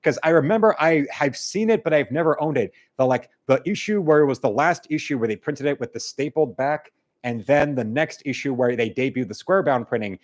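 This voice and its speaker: A man's voice: medium pitch, a little fast. A man hosting a live stream, chatting casually and reading viewer comments in a rambling way. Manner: rambling, with many fillers and restarts.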